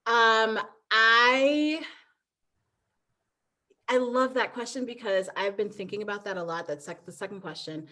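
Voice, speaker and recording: A woman's voice: on the high side, measured pace, sharp tone. A woman guest in a casual interview, talking in a rambling way with frequent restarts and fillers and laughing easily. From United States. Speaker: guest, trail runner and author.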